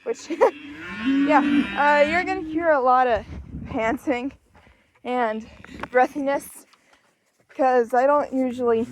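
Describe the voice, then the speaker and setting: Slow-talking young woman ranch vlogger. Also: high voice, a little hiss or hum. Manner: rambling, self-joking, chatty. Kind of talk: casual vlog chat while doing chores. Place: outdoors on a ranch. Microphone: handheld phone.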